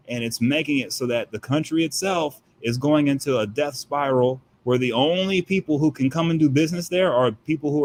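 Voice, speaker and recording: Emphatic, fast-questioning male commentator. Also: mid-range voice, a little hiss or hum. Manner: emphatic, fires rhetorical questions. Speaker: guest commentator. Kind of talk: heated political commentary.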